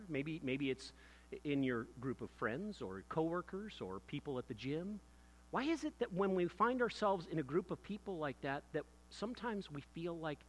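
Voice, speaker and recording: A man preaching a sermon, opening with a self-deprecating personal story before moving into quieter reflection. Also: a little high, breathy edge.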